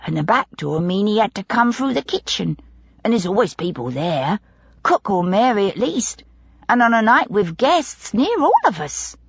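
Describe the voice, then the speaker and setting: A woman's voice: medium pitch, very animated, moderate pace, creaky, breathy edge, no echo, dull audio, pitched above the performer's own voice, full character voice. A woman voicing an eager, gossipy young housemaid who talks in broad working-class dialect. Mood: confiding.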